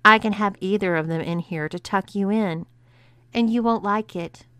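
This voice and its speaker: A woman's voice: mid-range voice, normal speed, bright, forceful tone, clear, resonant tone, no room sound, natural voice. A woman reading the part of a bossy adult woman who taunts and gives orders. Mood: commanding. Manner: taunting, commanding.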